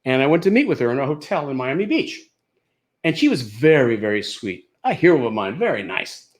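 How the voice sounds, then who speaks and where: An older man who is a comedian, telling stand-up stories in an animated, anecdotal way built around punchlines. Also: medium pitch, brisk. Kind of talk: stand-up storytelling.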